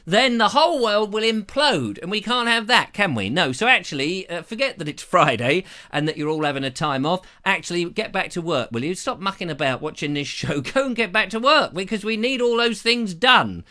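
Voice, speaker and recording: A man's voice: high-pitched, animated, normal speed, hardly any pauses, pushed and bright. A man hosting a live stream with jokey, rambling chat and playful asides. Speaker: host.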